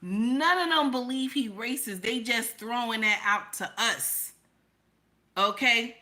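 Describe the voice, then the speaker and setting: Emphatic woman host, slow and bright. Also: fairly high pitch. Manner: emphatic, repeats herself, fires rhetorical questions; talks to her audience as "baby" and "honey". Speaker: live-stream host reading viewer comments. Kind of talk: opinionated live-stream commentary.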